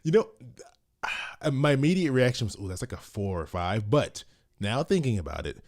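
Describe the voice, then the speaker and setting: A man's voice: medium pitch, sing-song, moderate pace, a little mellow. A man co-hosting a casual podcast chat, who explains things at length and laughs often. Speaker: co-host.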